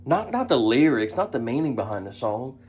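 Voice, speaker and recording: A man's voice: mid-range voice, sing-song, fairly quick, darkish tone, slightly rough. Sarcastic man doing reaction commentary. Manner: sarcastic and mocking, breaks into laughs. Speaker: commentary vlogger.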